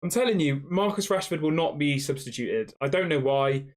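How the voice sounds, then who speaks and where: A man's voice: a little high, lively intonation, normal speed. Young guy live streaming, reading chat out, lots of um and yeah, just chatting casual. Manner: conversational, reads chat questions aloud, frequent fillers.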